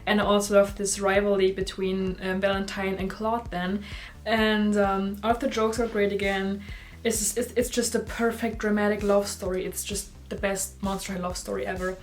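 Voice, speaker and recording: A woman's voice: medium pitch, moderate pace. Gushing young woman ranking movies. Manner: gushing, animated, lots of "like" fillers. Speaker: YouTuber reviewing movies. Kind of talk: casual ranking vlog.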